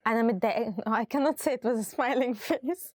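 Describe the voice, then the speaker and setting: Upbeat lady teacher going through vocab, says each word twice then translates, kinda high voice, dry close sound. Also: rapid-fire, darkish tone, no room sound. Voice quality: upbeat, instructive, switches between Arabic and English. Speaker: language teacher and host.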